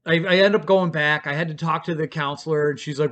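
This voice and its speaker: A man's voice: fairly high pitch, fairly even intonation, quick pace, fairly bright tone, muffled recording. A man casually telling his own story in a blunt, profane, rambling way, with frequent restarts.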